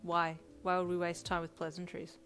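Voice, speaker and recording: A woman's voice: on the low side, monotone, normal speed, fairly bright tone, soft background music. A woman voicing a blunt teenage boy who talks curtly and commandingly, in a storybook reading. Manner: curt and commanding.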